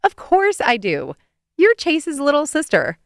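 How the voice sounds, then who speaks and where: A woman's voice: high-pitched, wildly swooping pitch, unhurried, no room sound, studio quality, pitched above the performer's own voice, full character voice. A woman voicing a perky, clingy young woman in an audiobook, with a chirpy, sing-song delivery.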